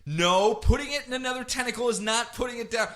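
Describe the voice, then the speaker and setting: A man voicing a chummy male sea king who is flustered by the sea creatures around him, in a high, excited voice. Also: fast talker. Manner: high excited bro-talk.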